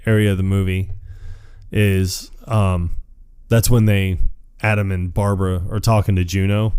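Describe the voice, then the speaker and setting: A man's voice: low-pitched, little pitch movement, a little slow, darkish tone, clean tone. A man hosting a podcast, retelling a movie in a rambling, casual way and acting out lines, laughing often. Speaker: podcast host. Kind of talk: casual movie recap chat.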